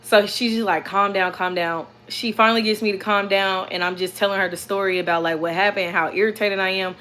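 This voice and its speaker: A young woman tells a story to her viewers in an animated, rambling way, repeating herself and calling out to them. Her voice is bright and clear, at a middle pitch. She talks casually from the cab of her truck. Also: fast, slight background noise. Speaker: vlogger.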